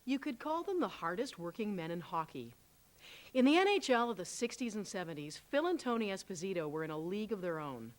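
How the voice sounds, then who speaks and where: A woman host giving a scripted, measured introduction to a documentary. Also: mid-range voice, very animated.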